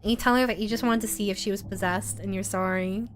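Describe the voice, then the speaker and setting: A woman's voice: mid-range voice, steady tone, fast, slight background noise. A woman streamer narrating an interactive horror story for her viewers as game master, in a playful, teasing way as she reads out chat comments.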